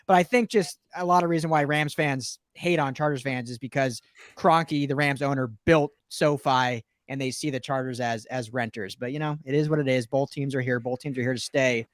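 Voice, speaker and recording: A man's voice: medium pitch, moderate pace, no room sound. Dry-sounding male podcast co-host. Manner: loose, joking, rambling. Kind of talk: casual sports talk.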